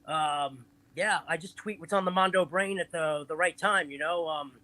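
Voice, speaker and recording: A man from Long Island with a New York accent, a guest chatting on a live video call show, animated and self-promoting. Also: a little high, moderate pace, dry recording, rough recording. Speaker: guest, pro wrestling trainer. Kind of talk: casual live show chat.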